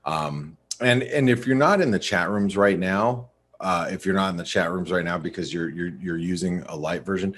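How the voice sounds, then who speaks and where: A man's voice: low voice, normal speed, few pauses, a bit bright. A man hosting a live trading webinar, sounding tired and rambling through a screen-share walkthrough with lots of fillers and restarts. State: tired, yawning. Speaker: webinar host.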